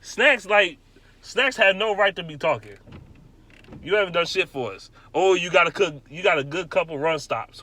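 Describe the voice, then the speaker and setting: A man's voice: high voice, sharp tone, dry recording. Man, young adult, angry profane rant, blunt and repetitive, tense edgy tone, dry close sound. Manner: angry, blunt, repeats himself for emphasis. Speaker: sports fan vlogger.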